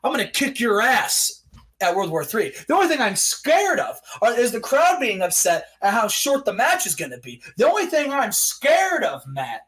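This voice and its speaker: Brash trash-talking wrestler, played by a man, high and bright. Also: huge pitch swings, moderate pace, exaggerated voice. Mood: taunting. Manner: boastful, taunting.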